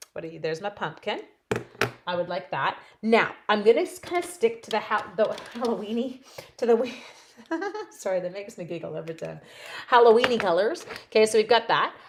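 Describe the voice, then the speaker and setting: On a livestream, a woman with a mid-range voice demonstrates stamping, chatting casually and giggling as she answers viewers while she crafts. There's a little hiss or hum in the recording.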